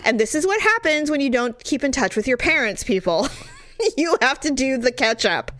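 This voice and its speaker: Frank, animated woman podcast co-host. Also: sits high, normal speed, no room sound. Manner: animated storytelling, frank and profane. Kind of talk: casual chat.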